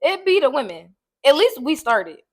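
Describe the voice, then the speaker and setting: A woman's voice: sits high, very animated, moderate pace. A woman co-hosting a podcast in casual chat who laughs easily and earnestly steers the topic back. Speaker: podcast co-host.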